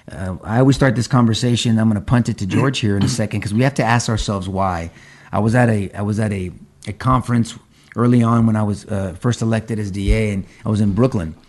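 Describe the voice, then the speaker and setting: A man co-hosting a faith discussion podcast, telling stories in an animated way with frequent restarts. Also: lowish voice. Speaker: podcast co-host.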